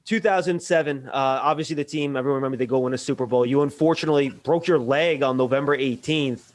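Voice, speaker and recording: A man hosting an interview, asking questions in a chatty, lively way. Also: mid-range voice, fast. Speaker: interviewer, team show host. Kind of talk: casual interview talk.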